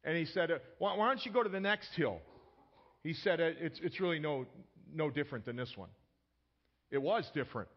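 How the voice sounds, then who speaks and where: Conversational pastor with a dull lo-fi sound. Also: male voice, a little high, lively intonation, fairly quick. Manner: conversational, repeats words when starting sentences. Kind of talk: sermon with personal story.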